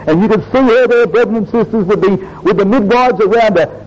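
A male preacher delivering a sermon to his congregation, fervent and rising high when quoting scripture. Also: a little fast, few pauses, a little mellow, poor audio.

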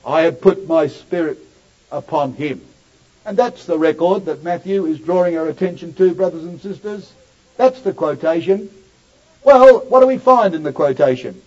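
A man's voice: fairly high pitch, animated, unhurried, mellow. A man preaching a sermon, addressing the listeners as brothers and sisters and rising to emphatic peaks on scripture. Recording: dull lo-fi recording.

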